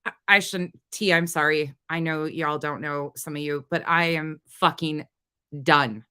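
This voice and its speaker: A woman's voice: low voice, steady tone, measured pace, sharp tone, smooth. A woman hosting a livestream, talking to her chat in a heated, swearing, casual way. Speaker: livestream host.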